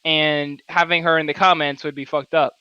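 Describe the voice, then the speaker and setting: A man's voice: fairly high pitch, level tone, normal speed, smooth, dry recording, lo-fi sound. A young man co-hosting a podcast, telling a story in a casual chat and laughing often as he talks. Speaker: podcast co-host.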